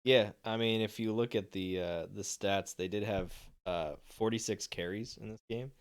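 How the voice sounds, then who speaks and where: A man's voice: lowish voice, steady tone, normal speed, smooth. A young man co-hosting a sports podcast, talking through games in a loose, rambling way. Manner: rambling, many fillers and restarts. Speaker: podcast co-host. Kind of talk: casual sports chat.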